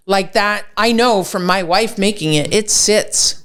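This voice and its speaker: Woman chef spinning a lively tale. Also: mid-range voice, measured pace, few pauses. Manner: swears freely, acts out quoted dialogue. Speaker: chef, podcast guest. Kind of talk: animated storytelling in casual chat.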